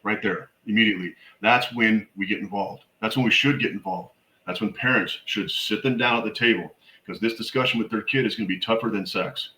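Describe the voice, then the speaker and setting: A man's voice: lowish voice, a little fast, hardly any pauses, sharp tone, roomy sound, low-quality recording. A middle-aged man, a military veteran and suicide prevention educator, telling stories in a blunt, emphatic way as an interview guest. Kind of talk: conversational podcast interview.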